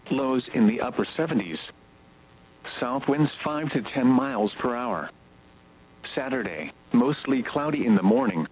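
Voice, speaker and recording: This automated weather radio broadcast is read by a slightly rough, mid-range synthetic male voice, with the highs cut off. It runs through numbers and forecasts in a steady, mechanical way.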